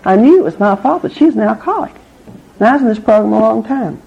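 A woman's voice: lively intonation, fast talker, creaky, mellow. Lady sharing her story at a meeting, blunt and wry, kinda muffled lo-fi sound. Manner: candid, wry, with laughs through hard memories. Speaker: recovery meeting speaker. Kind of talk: personal testimony talk. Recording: muffled low-fidelity recording.

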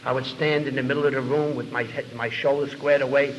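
A man telling his recovery story to an audience as a lively, self-mocking comic storyteller, in a dull lo-fi recording. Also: medium pitch, fast talker, slight background noise. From New York City.

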